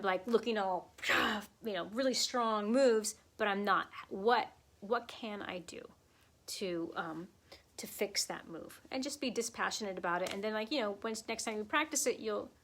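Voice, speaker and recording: A woman's voice: medium pitch, normal speed, fairly bright tone. A woman flamenco dance teacher answering questions in a live online Q&A, chatty and encouraging, with many fillers and asides.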